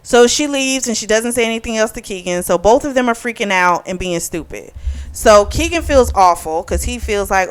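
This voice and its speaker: A woman reviewing a book in a casual vlog. She retells the plot frankly with swearing and lively asides, and acts out the characters' lines in animated bursts. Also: a little high, a little fast, clear, resonant tone. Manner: candid, profane, opinionated retelling.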